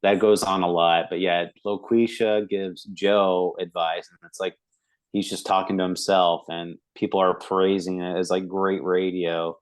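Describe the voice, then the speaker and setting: A man's voice: low voice, little pitch movement, a little slow, clean tone, low-quality recording. A man co-hosting a movie review podcast, talking casually with many fillers and acting out quoted lines. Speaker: podcast co-host.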